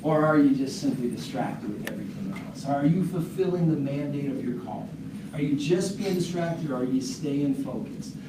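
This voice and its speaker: A man giving a live talk to an audience, speaking fast and earnestly, with animated storytelling. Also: fairly high pitch. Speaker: speaker at a parents' seminar. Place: large room with an audience. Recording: echoey room from a distance, noisy.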